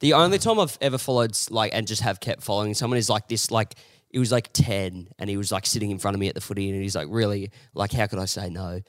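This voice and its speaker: Low-voiced man rambling. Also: quick pace, no room sound, studio quality. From Australia. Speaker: comedian podcast co-host. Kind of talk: casual comedic chat.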